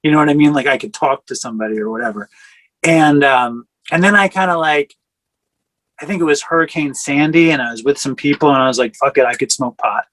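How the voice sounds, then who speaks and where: Man, forties, raised pitch, dry close sound, candid storytelling, rambling with fillers, video call. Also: fairly quick, fairly bright tone, no echo, rough recording. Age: 40s. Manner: rambling, self-correcting, with frequent fillers. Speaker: speaker sharing a recovery story.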